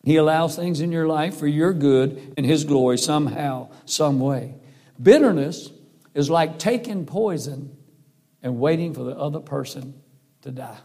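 A man's voice: on the high side, unhurried, dark tone. A middle-aged man preaching a sermon in an earnest, folksy, emphatic way. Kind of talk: sermon with personal story.

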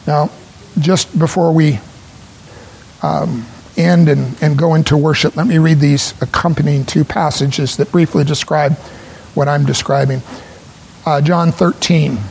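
Gravelly high-voiced male preacher. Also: fairly even intonation, a little mellow, a little hiss or hum, poor audio. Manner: earnest, emphatic preaching with pauses. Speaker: pastor. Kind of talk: sermon.

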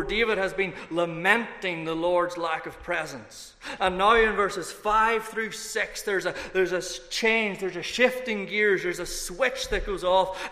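A man's voice: sits high, pushed and bright. A man preaching a sermon as pastor, emphatic and building through repeated phrases. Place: church sanctuary. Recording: echoey hall reverb.

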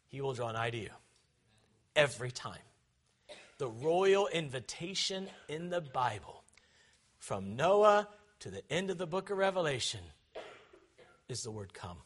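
A man, a pastor, preaching an impassioned sermon that swings from loud shouting to quiet, conversational asides. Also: medium pitch, very animated, measured pace, pauses often.

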